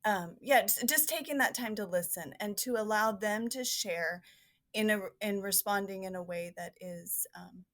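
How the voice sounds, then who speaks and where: A woman teacher sharing her experience thoughtfully in a roundtable discussion, pausing often to find her words. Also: medium pitch, a bit bright.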